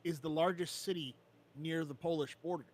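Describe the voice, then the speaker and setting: A man's voice: a little high, steady tone, normal speed. A man co-hosting a casual chat, laying out a scenario step by step.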